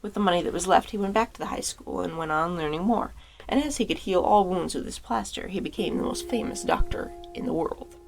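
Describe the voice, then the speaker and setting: A woman, an author, reading a fairy tale aloud in a calm, even storytelling manner. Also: lowish voice, fairly quick, vocal fry.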